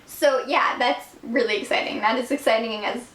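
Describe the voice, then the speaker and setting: A woman's voice: fairly high pitch, moderate pace, fairly bright tone. A young woman in her late teens, reviewing books in a bubbly, gushing way, filling her talk with "like". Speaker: book reviewer. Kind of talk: casual vlog review. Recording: echoey room.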